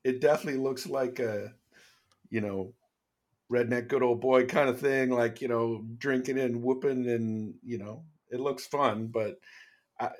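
A man co-hosting a podcast, telling stories in a relaxed, chatty way. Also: mid-range voice, measured pace. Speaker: podcast co-host. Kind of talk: casual chat.

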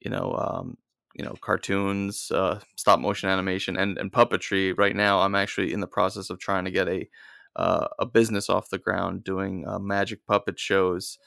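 Deep, gravelly man, hesitant guest. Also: level tone, normal speed, bright, forceful tone, no room sound, clean studio sound. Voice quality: hesitant, full of fillers. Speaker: podcast guest. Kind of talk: casual chat.

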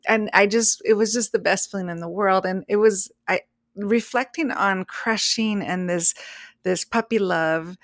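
A woman's voice: medium pitch, gravelly, no echo. Woman podcast co-host, casual storyteller, laughs easily, dry close sound. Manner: animated storyteller, laughs often, restarts sentences. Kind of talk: casual chat.

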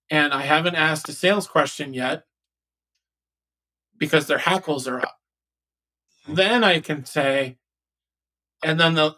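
Co-host, male, bright and somewhat high voice, animated sales coach who acts out calls. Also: low-quality recording. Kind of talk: casual podcast chat.

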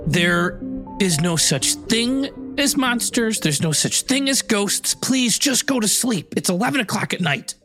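A man's voice: high voice, lively intonation, unhurried, music in the background. A man improvising a nervous dad who stammers while checking his daughter's closet. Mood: pleading. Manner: stammering, flustered. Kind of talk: improv comedy.

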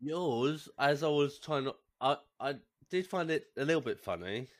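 A man co-hosting a casual chat show and acting as DJ, easygoing and quick to giggle, with lots of "yeah" fillers. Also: fairly high pitch, animated. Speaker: co-host and DJ.

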